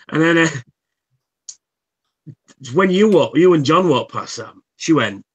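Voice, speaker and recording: Unhurried and animated, with long pauses, this mid-range male voice belongs to a livestream host in casual conversation. His stories wander, are full of swearing, and keep getting false starts.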